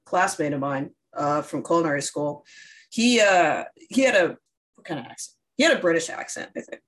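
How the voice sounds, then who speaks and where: A woman's voice: low voice, animated, normal speed. A woman co-hosting a podcast in casual chat, easygoing as she tells stories. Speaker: podcast co-host.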